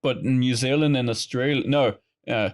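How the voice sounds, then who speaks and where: A man's voice: medium pitch, normal speed. A man co-hosting a casual comedy podcast, joking around and now and then putting on silly voices. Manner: jokey, slips into mock accents and silly voices. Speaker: podcast co-host.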